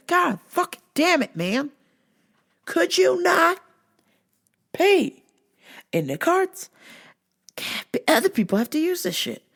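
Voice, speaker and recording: A woman's voice: high-pitched, creaky. A woman hosting a casual vlog, telling exasperated stories full of profanity. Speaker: vlog host and store worker.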